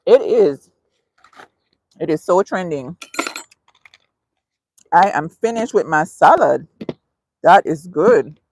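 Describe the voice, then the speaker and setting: A woman's voice: lowish voice, expressive, slow pace, long pauses, a little mellow, slight background noise. A woman hosting a casual live stream, reading viewer comments aloud, chatty and laughing often. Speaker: livestream host.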